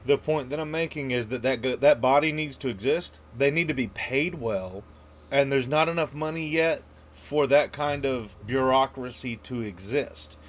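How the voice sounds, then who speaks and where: A man co-hosting a casual gaming podcast, emphatic and animated, asking rhetorical questions. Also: medium pitch, normal speed. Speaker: podcast co-host.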